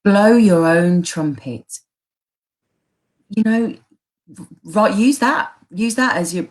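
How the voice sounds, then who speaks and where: A woman's voice: mid-range voice, takes it slowly, long pauses. A woman with a Birmingham accent, a coach giving encouraging advice in a casual chat and often restarting her phrases. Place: live online chat.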